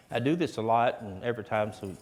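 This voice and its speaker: A man's voice: fairly low pitch, a little mellow, slight background noise. A man giving a heartfelt, dramatic motivational testimony to educators. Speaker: speaker at an educators' event. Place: large hall. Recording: long reverb of a large hall.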